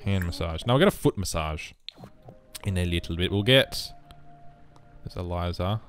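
A man casually commenting on his life-simulation game, rambling and breaking into sudden excited outbursts. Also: low-pitched, normal speed, faint music behind. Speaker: let's play host.

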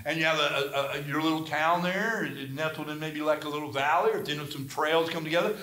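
A man leads a Bible study, wandering through anecdotes and acting out scripture scenes with animation. His voice is bright and forceful and sits a little higher than most men's. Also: fast, reverberant. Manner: animated, rambling storytelling with dramatized scripture.

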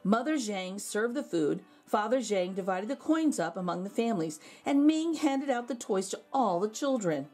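A woman reading a children's picture book aloud, expressive with gentle asides. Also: mid-range voice, normal speed, few pauses, soft background music.

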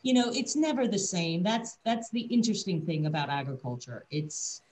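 A woman's voice: fairly low pitch, animated, moderate pace, darkish tone, poor audio. A woman from a winery presenting a wine tasting over a video call, explaining grapes and vintages enthusiastically. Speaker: winery representative.

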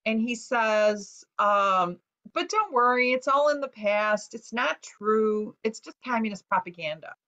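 A woman's voice: fairly high pitch, expressive, a little slow, bright, forceful tone. A woman author telling a personal story in an interview, earnest and full of fillers as she quotes what people said to her. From United States. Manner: earnest, recounting with quoted dialogue and many fillers. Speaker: author guest. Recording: dull lo-fi recording.

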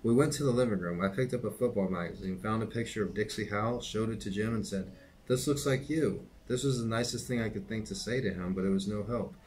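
Low-voiced middle-aged man reading aloud. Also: a little hiss or hum, poor audio. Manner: steady, unhurried reading, casual asides. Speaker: reader and teacher.

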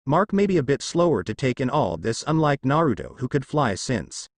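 A proud, harsh alien father, as a male narrator puts him on, firm and stern in manner. The pitch moves freely and the sound is close and dry. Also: very animated, moderate pace, no echo.

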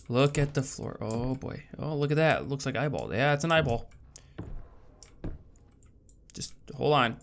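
A man giving horror game commentary, jumpy and nervous, muttering to himself with sudden loud yelps. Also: mid-range voice, expressive, unhurried, pauses often, slight background noise. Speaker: gaming YouTuber.

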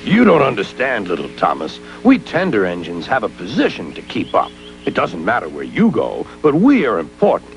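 A man's voice: fairly low pitch, wildly swooping pitch, normal speed, creaky, faint music behind, heavily acted. A man voicing a haughty, self-important big male steam engine in a children's storybook tale.

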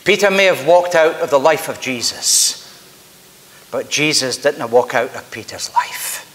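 The long reverb of an echoey church hall surrounds a Scottish pastor preaching in the sanctuary. His mid-range voice is fairly bright and unhurried with lively intonation as he tells stories in an earnest, emphatic way.

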